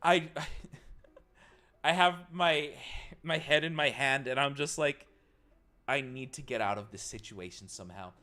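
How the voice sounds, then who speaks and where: In an unhurried, medium-pitched voice, a young man telling a story to his live stream chat pauses often. The telling is casual and full of swearing, with bursts of loud mock panic.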